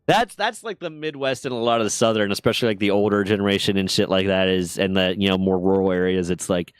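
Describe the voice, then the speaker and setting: A man's voice: on the low side, fast talker, clean tone, no room sound, studio quality. A young American man from Pennsylvania, streaming casual chat, rambling and swearing freely as he makes his points. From Pennsylvania, USA. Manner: profane, rambling, emphatic.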